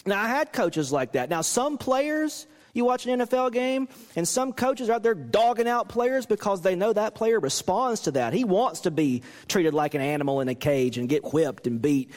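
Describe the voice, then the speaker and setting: A man, a pastor, preaching a sermon in an animated way, acting out the people he quotes. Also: high voice, moderate pace, few pauses, in a large hall. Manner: animated, acts out quoted coaches with rising voice.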